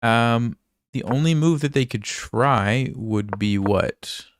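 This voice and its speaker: A hoarse man commentating his own online games as a chess coach, thinking aloud in a relaxed way and quizzing viewers. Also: medium pitch, slow, no room sound, clean studio sound. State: hoarse, losing his voice, coughing. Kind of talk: casual live game commentary.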